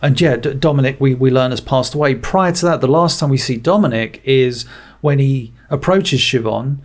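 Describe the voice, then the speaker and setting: A man co-hosting a podcast, chatting casually about a film and retelling its scenes in an animated, rambling way full of restarts and fillers. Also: mid-range voice, normal speed. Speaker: podcast co-host. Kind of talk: casual film review chat.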